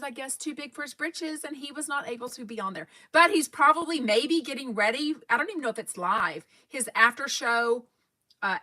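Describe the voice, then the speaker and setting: A fan podcast host from Texas hosts a casual livestream in a fairly high, bright, forceful voice with a Texan accent. She keeps things chatty and rambling, often reading live comments aloud.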